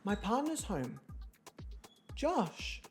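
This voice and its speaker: A woman commentating her gameplay from home in a sarcastic, foul-mouthed, theatrical manner. Her voice sits at an ordinary middle pitch. Soft music plays faintly behind her. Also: very animated, drawn-out words. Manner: sarcastic, profane, theatrical rants. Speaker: gaming streamer.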